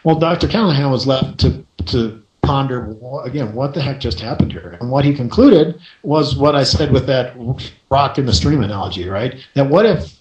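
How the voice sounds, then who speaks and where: A male radio host tells a story with lively energy and keeps checking in with the listener. His voice sits at an ordinary middle pitch, and the room around him has a noticeable echo. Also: normal speed, lo-fi sound. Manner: lively storyteller, rhetorical "right?" asides. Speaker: radio show host and success coach.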